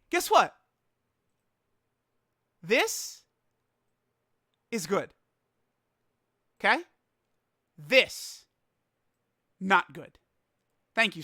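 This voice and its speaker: A man's voice: extremely high pitch, big pitch swings, very slow, pauses often, pushed and bright, dry recording, studio quality. A young man giving casual reaction commentary as a gaming YouTuber, exasperated and laughing, rambling with stammered restarts.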